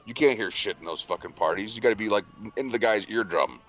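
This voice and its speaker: A man co-hosting a casual podcast chat, ranting in a profane, animated way. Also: on the low side, quick pace, faint music behind. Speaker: podcast co-host.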